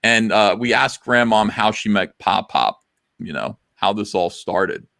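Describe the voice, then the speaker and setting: A man's voice: on the low side, expressive, measured pace, gravelly, a bit bright, no room sound, clean studio sound. A man hosting a casual livestream talk show, rambling through crude, self-mocking stories. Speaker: podcast host.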